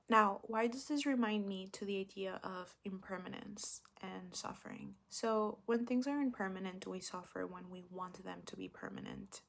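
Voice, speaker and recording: Young woman podcast host, earnest and confessional, slips into whispers a lot, mid pitch. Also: vocal fry. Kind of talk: reflective solo talk.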